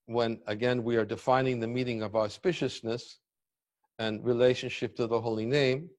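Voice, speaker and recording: A man teaching a devotional scripture class, speaking deliberately and pausing to search for words. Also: mid-range voice, fairly even intonation, darkish tone. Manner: deliberate, searching for words, reading commentary aloud. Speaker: spiritual teacher giving a class.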